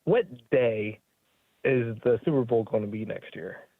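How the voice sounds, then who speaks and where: A man calling into a sports radio show, halting as he builds up to his point. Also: on the low side, gravelly, dry recording. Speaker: caller. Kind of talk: call-in sports radio chat. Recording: tinny phone line.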